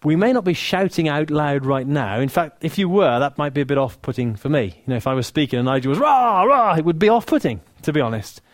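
A man with an English accent preaching a sermon, earnest and warm, dropping to soft, hushed lines for emphasis, with touches of dry humor. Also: mid-range voice, fast, few pauses, no echo. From England. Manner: earnest, softening to near-whisper on key lines, dry humor.

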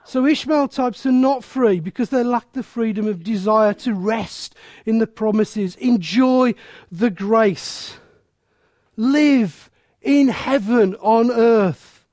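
Passionate guy preaching, really high voice, slow and drawn out, dry close sound. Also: darkish tone, dry recording. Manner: passionate, bursts into snatches of song. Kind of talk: sermon.

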